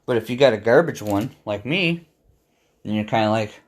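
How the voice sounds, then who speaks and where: A man's voice: lowish voice, expressive, normal speed. A young adult man chatting casually on a live game stream, rambling and talking back to his cat.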